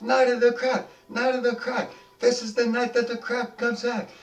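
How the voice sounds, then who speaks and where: A man's voice: very high voice, monotone, moderate pace, far from the mic, voice pushed up. A man voicing a crowd of rowdy young goblins who cheer and chant in a squeal. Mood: gleeful. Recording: roomy, off-mic, faint music behind.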